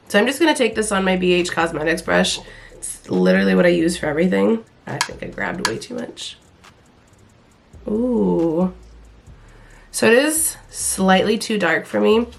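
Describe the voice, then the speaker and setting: A woman's voice: mid-range voice, creaky, a little hiss or hum. A young woman vlogger with a stuffy nose from illness, chatting casually through a makeup review with rambling, self-deprecating asides. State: stuffy-nosed and hoarse from illness. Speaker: beauty vlogger.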